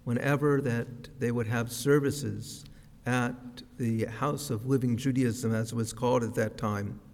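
A man preaching a sermon as a rabbi, with a slow, measured, reflective delivery. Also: medium pitch, steady tone, darkish tone. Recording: long reverb of a large hall.

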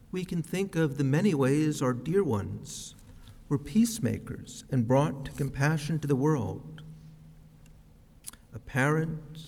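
A man preaching a sermon as a rabbi, with a slow, measured, reflective delivery. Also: mid-range voice, darkish tone. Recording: long reverb of a large hall.

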